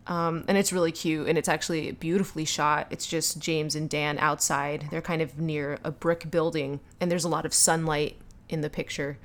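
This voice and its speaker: Giggly fast-talking woman podcaster. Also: low voice, little pitch movement. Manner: giggly, gushing, talks fast. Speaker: podcast co-host. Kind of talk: casual fan podcast chat.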